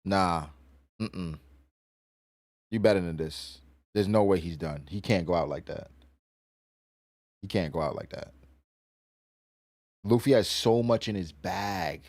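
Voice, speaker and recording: A man's voice: low voice, slow pace, pauses often, darkish tone, dry recording, clean studio sound. A man streaming a casual reaction, reading chat aloud and ranting in slangy, exasperated bursts.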